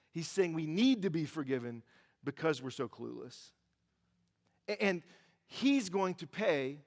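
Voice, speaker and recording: A male pastor preaching a sermon in a church, lively and joking, repeating phrases for emphasis. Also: on the high side. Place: large church auditorium. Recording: reverberant church hall.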